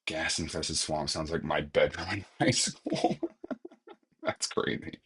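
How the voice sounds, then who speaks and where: A man's voice: rumbling low, fairly even intonation, slow, a bit bright, husky. A man giving casual, joking commentary while playing a video game, chatting to himself about what he needs next. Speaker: gaming streamer.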